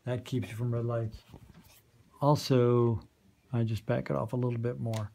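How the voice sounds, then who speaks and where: A man's voice: medium pitch, level tone, normal speed, vocal fry, mellow. A man training volunteers on a community radio studio's soundboard, patiently checking understanding as he goes. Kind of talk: hands-on training walkthrough.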